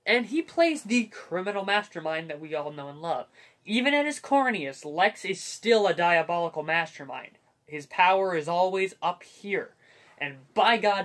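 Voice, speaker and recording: A man's voice: sits high, a bit bright. A young man hosting a casual comic book movie review, joking and rambling with self-deprecating asides. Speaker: host.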